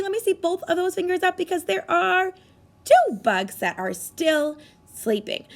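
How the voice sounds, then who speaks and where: A woman teaching a children's math lesson with a bright, high voice. Her pitch leaps and dips constantly in a sing-song way. She sounds full of wonder and keeps asking the children encouraging questions. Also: unhurried. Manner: animated, sing-song, gasps with exaggerated delight. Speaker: kindergarten teacher.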